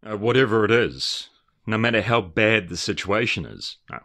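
A man's voice: on the low side, lively intonation, normal speed, pushed and bright. A man giving a rambling, earnest and emphatic commentary, often restarting his phrases. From Australia.

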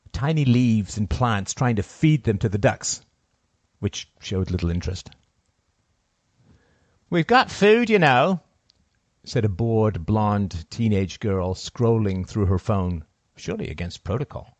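A man narrating a first-person story in a cold, deliberate, sardonic manner. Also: on the low side, dark tone, dry recording.

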